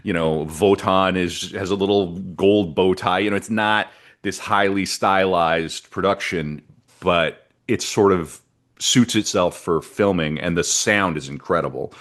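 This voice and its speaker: Deep-voiced man chatting history. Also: measured pace, a bit bright. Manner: chatty and rambling, reads from notes, breaks off into asides. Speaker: podcast co-host presenting the history. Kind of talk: casual history podcast narration.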